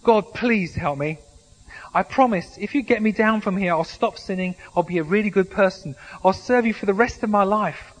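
A man voicing a desperate man hanging from a cliff branch, pleading and yelling in panic. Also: sits high, normal speed, big-room sound.

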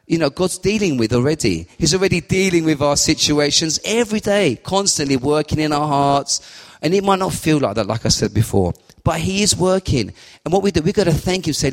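A man's voice: on the high side, lively intonation, fairly quick. Earnest rambling man preaching in a hall. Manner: earnest, rambling, acts out prayers aloud. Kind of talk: informal sermon. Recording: long hall reverb.

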